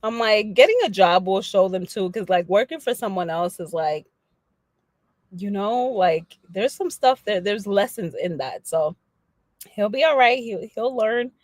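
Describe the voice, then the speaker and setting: A woman chatting casually on a livestream, animated and slangy, laughing often as she talks to her viewers. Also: mid-range voice, a little slow, no room sound. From Dominican family background. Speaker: livestream host.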